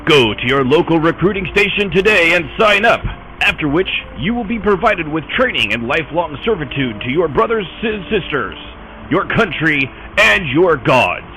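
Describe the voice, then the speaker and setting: A man voicing a solemn military recruitment ad announcer in a mock radio commercial, with a grand, rousing sales pitch. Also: big pitch swings, moderate pace, bright, forceful tone, a little hiss or hum, low-quality recording.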